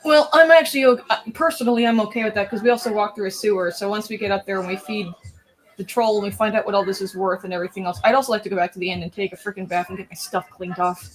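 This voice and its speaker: A woman's voice: mid-range voice, fairly even intonation, rapid-fire, poor audio. A woman playing a tabletop role-playing game, chatting in an upbeat way. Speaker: player. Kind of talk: casual tabletop play.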